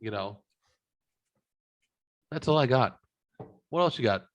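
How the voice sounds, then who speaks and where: A man's voice: medium pitch, animated, slow pace, dry recording, dull audio. Crude joking male podcast host. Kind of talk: casual chat.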